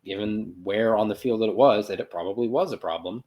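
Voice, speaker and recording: A man's voice: fairly low pitch, quick pace, a little mellow. A man hosting a soccer podcast, recapping a match in a loose, sarcastic monologue with playful sound effects and self-corrections. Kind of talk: casual sports recap monologue.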